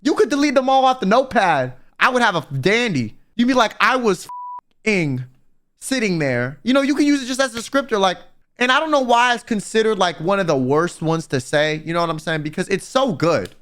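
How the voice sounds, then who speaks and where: Animated high-voiced young man streamer. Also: fast. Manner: animated, rambling, talks to chat. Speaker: vtuber streamer. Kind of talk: casual comedic ranking monologue.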